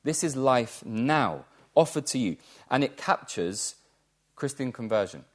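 A man's voice: medium pitch, animated, unhurried. A man preaching a sermon in a church, earnest and emphatic, repeating key words for stress.

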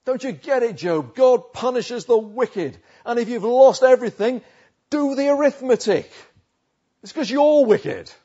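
A man voicing an indignant, self-righteous male accuser who mocks and shouts down a suffering friend. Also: very high-pitched, unhurried, slightly rough, lo-fi sound, voice pushed up, exaggerated voice. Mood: hectoring. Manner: mocking, rising to loud outrage.

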